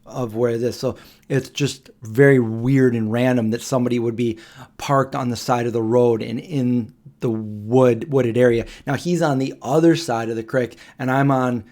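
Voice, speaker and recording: A man in his forties hosts a casual late-night live stream, telling a story at an unhurried, halting pace. He circles back, restarts phrases and fills pauses with ums, in a plain mid-range voice. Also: mid-range voice, fairly even intonation, darkish tone. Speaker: livestream host.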